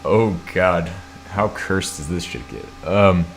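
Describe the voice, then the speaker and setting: Streamer, American man, very low voice, drowsy and muttering, self-mocking, faint hum in the room. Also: lively intonation, slow, creaky. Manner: thinks aloud while typing, swears, self-mocking. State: half asleep. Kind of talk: casual live-stream chat.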